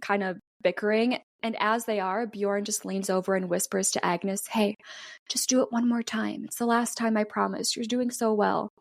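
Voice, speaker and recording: A young woman recaps a film for her co-host in an easygoing, chatty way, and she leans into each character's lines with animated pitch jumps. Her voice sits in a middle register. It is recorded close and dry, with no room sound. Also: moderate pace, creaky, no echo. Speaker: podcast co-host retelling a film. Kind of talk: casual storytelling chat.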